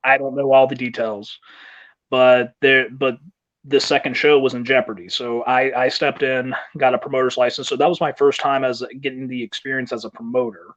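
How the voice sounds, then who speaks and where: A man's voice: medium pitch, level tone, moderate pace, a bit bright, lo-fi sound. A man, a wrestler and guest, telling long rambling stories from his career with fillers and laughs. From South Carolina, US. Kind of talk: interview storytelling.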